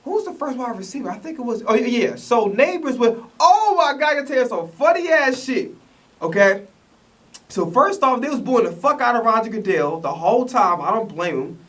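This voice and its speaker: A man's voice: very high-pitched, sing-song, fairly quick, fairly bright tone, recorded from a distance. A man rants in casual commentary, profane and rambling, stumbling over restarts. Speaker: vlogger reacting to the draft.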